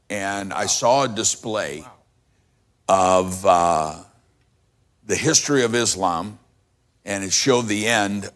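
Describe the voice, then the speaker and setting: A low-voiced man hosts as a pastor and speaks at an unhurried, slow pace. He often breaks in with short affirmations while his guest talks. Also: a bit bright. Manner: frequent affirming interjections. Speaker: pastor and host. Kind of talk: talk show interview.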